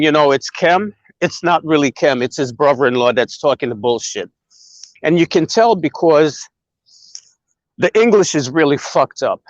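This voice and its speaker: A man hosting a casual chat, telling a long story in an animated, profane way. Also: fairly high pitch, dry recording, dull audio. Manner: animated, profane, acts out quoted dialogue. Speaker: host.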